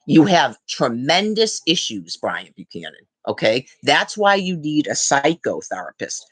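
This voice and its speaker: A woman's voice: low-pitched, sing-song, a little slow, dry recording. A woman on a live stream, ranting angrily and swearing hard, tagging her accusations with "okay?". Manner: angry, profane, accusing; repeats "okay?" as a tag.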